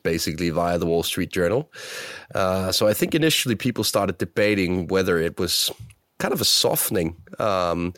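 A man hosting a finance podcast, talking things through in a measured way with small fillers. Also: low-pitched, no room sound, clean studio sound. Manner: measured, thinking aloud with fillers. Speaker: podcast host. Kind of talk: casual finance chat.

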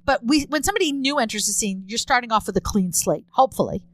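A woman's voice: on the high side, lively intonation, fast talker, fairly bright tone. A woman in her fifties co-hosting a podcast, explaining topics earnestly with a dryly playful streak. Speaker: podcast co-host. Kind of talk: casual chat.

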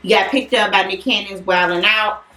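A woman hosting a casual celebrity gossip chat, talking in an animated, slangy and playful way. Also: mid-range voice, moderate pace, soft background music. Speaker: podcast host. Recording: echoey room, far from the mic.

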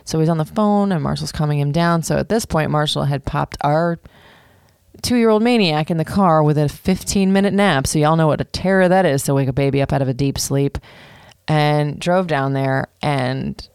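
Gravelly woman in her thirties telling a story. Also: low-pitched, normal speed, no echo, clean studio sound. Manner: animated, swears freely, fillers like "like". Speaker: vlogger. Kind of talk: storytime monologue.

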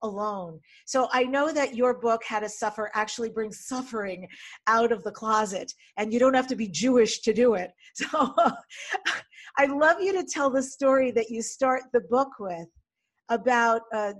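A woman hosting an interview show, upbeat and quick to laugh. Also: a little high. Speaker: podcast host.

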